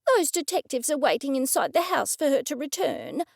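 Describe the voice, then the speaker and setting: A high-strung woman friend talks breathlessly and dramatically, as a woman narrator puts her on. Her voice sits very high, and there is a gravelly grain in it. The sound is dry and close. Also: lively intonation, normal speed, a little mellow, no room sound. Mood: anxious.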